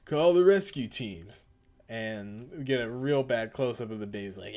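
A man's voice: lowish voice, slow pace, a little mellow. A man co-hosting a podcast, casually recapping a comic, joking and acting out lines. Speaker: podcast co-host.

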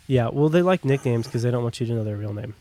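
A young man with a warm, animated, medium-pitched voice talks fast while giving his personal testimony on a podcast. He's casual and rambling, peppering his account with fillers, most of all "like" and "long story short."

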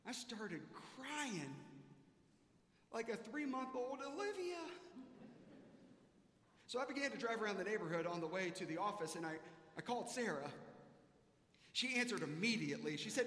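High-voiced storytelling pastor in a hall. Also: male voice, very animated, normal speed, long pauses, pushed and bright, slight background noise. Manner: self-mocking storytelling. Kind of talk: sermon. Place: church sanctuary. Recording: echoey church hall.

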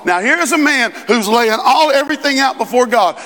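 A man delivers a sermon in a high, bright register. He talks to the congregation like a friend, slipping in quick asides and then pushing up into emphatic, rising lines. The sound carries a long reverb from a large church hall. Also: lively intonation. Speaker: pastor.

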